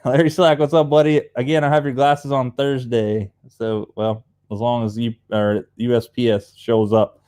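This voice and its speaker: Young male host, Appalachian accent, rambling casual livestream chatter, mid-pitched voice. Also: level tone, normal speed, few pauses, dark tone, clear, resonant tone. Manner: rambling and chatty, reads viewer comments aloud. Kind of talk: casual live chat.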